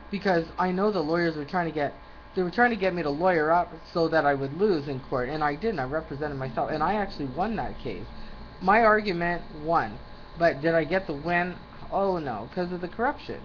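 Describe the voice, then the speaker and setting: Woman ranting, rambly and fired up, kinda muffled recording w/ faint hiss behind. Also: fairly low pitch. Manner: rambling, loses her train of thought; indignant, ranting. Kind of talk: rambling monologue to camera. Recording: slightly muffled with faint background noise.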